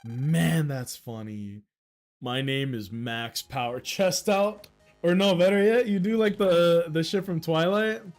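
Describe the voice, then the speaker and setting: A man in his thirties chats on a livestream, rambling along and poking fun at himself. His voice sits a little high for a man, and he laughs often. Faint music plays quietly underneath. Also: slow pace. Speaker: livestream host. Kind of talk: casual livestream chat.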